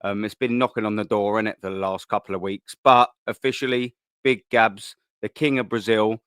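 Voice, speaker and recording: Dry-sounding lad hosting a live stream. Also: male voice, mid-range voice, clear, resonant tone, dry recording. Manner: chatty and upbeat, repeats words, gives shout-outs to viewers. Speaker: fan channel host. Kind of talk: live-stream casual chat.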